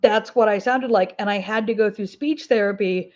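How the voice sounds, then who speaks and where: A woman from the Ozark Mountains in the US hosts a crafting livestream, her twang coming through as she rambles casually, answers viewer comments, and laughs a lot. Her mid-range voice moves at a moderate pace and sounds a little mellow, with lo-fi audio.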